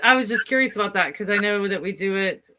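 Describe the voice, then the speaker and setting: A woman with a bright, forward tone co-hosts an interview. She poses curious questions slowly, pausing and filling gaps as she searches for words. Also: mid-range voice, expressive, a little hiss or hum. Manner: curious, halting questions with fillers.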